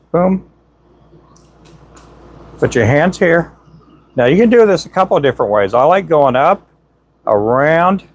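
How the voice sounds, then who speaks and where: A man hosting a casual livestream, chatting with viewers and demonstrating how to tie knots, saying "boom" as he works. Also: creaky. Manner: talks while working with hands, says "boom" often. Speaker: livestream host teaching jig tying. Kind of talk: casual live-stream chat and tying demonstration.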